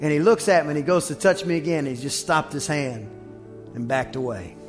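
A man preaching a sermon as pastor, telling stories and breaking into shouts on his strongest points. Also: fairly high pitch, faint music behind. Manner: preaching with rising shouts and quick asides.

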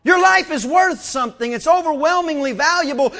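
A man preaching a sermon as pastor, lively and full of stammered restarts. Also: very high-pitched, brisk, hardly any pauses. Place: church sanctuary.

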